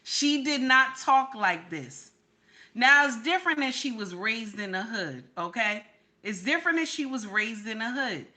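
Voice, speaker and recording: A woman's voice: fairly high pitch, expressive, unhurried, bright, forceful tone. A woman doing reaction commentary on a clip, sassy and incredulous, repeating her points.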